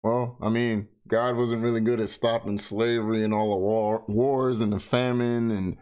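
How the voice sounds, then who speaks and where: A man's voice: on the low side, flat delivery, moderate pace, smooth. A man giving blunt, sarcastic casual commentary, swearing freely and keeping his voice down. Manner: talks softly. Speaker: reaction commentator.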